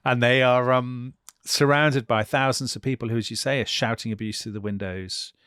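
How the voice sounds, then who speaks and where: A man's voice: medium pitch, fairly even intonation, normal speed, fairly bright tone, smooth, no echo, studio quality. A man co-hosting a history podcast, retelling events vividly and dropping into quoted speech for the people in the story. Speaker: podcast co-host.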